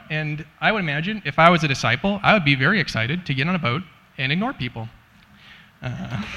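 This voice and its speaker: A man in his thirties giving a conversational sermon as a guest preacher, candid and earnest, telling personal stories with soft laughs. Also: a little high. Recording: reverberant hall.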